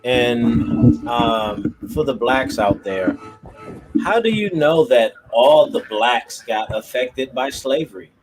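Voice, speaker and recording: A man's voice: mid-range voice, slow pace, background noise. Man interjecting with pointed questions. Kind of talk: casual debate chat.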